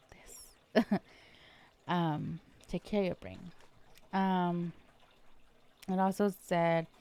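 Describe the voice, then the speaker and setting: A woman's voice: lowish voice, creaky, a little mellow. A young woman hosting her own podcast, chatting casually and rambling in a self-deprecating way, with lots of fillers. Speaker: podcast host. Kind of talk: casual solo podcast chat.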